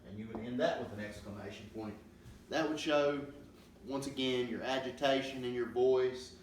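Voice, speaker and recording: Man explaining a grammar lesson, slow and patient with lots of ums, roomy room, mic far off. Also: mid-range voice. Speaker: teacher. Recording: roomy, distant mic with faint noise.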